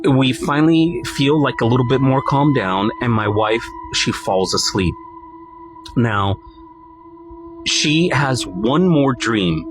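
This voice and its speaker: Male storyteller, mid-pitched, earnest and halting, music bed under. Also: poor audio. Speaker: storyteller recounting his own experience. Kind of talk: first-person horror storytime. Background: clear background music.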